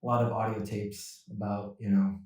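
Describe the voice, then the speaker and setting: A man's voice: on the low side, flat delivery, moderate pace, a little mellow. Laughing rambling man in an echoey room. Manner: laughing, rambling storyteller acting out dialogue. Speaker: podcast co-host. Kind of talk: casual comedic chat. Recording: very echoey room, far from the mic.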